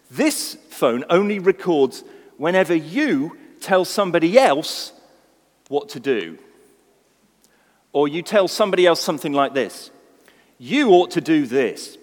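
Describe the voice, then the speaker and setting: A man preaches in a large church, his slightly high voice rising and falling with lively, expressive emphasis. His sermon moves from hushed, low stretches to loud, exclaimed lines. A long reverb hangs on every word. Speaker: pastor.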